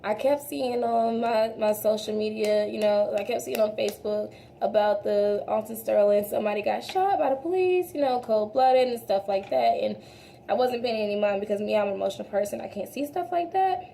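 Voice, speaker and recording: A woman's voice: on the high side, fairly quick, gravelly, mellow, slight background noise. A young woman chatting casually while doing her makeup, talking straight to her viewers as y'all and trailing off into restarts. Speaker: beauty vlogger. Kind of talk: casual makeup tutorial chat.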